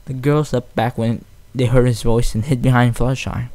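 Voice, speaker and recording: A man's voice: mid-range voice, fairly even intonation, normal speed, few pauses, a little mellow. A man narrating a fan story aloud, plain reading with occasional restarts.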